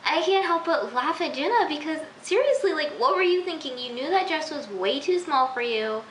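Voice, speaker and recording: A woman's voice: sits high, expressive, moderate pace, a bit bright. A young woman recapping a TV episode in a chatty, giggly way, full of "like" and "you know". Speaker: TV episode reviewer. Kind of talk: casual recap vlog. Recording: echoey room with faint hiss.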